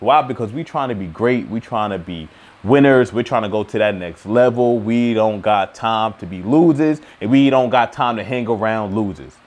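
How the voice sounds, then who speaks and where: A young man giving a motivational monologue to camera, emphatic and slangy, swinging between loud challenges and low asides. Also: moderate pace, a little hiss or hum. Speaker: motivational video host.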